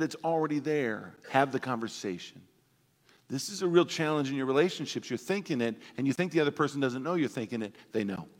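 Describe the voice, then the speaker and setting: A man preaching a sermon as pastor, animated and playful, acting out everyday voices for laughs. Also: a little high, long reverb tail. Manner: animated, acts out voices of toddlers and parents for laughs.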